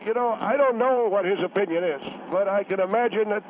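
Man putting on a high-pitched old veteran grandfather, stubborn, halting, defiant, tinny phone line, faint hiss. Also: natural voice. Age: older. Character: older male war veteran grandfather, stubborn and gruff. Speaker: caller.

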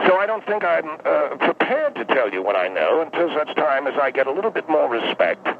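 A man's voice: on the high side, sing-song, fairly quick, vocal fry, a little hiss or hum. A man voicing a prickly, aggrieved ex-convict who calls in, talking in wordy, pompous phrases. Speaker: caller. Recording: tinny phone line.

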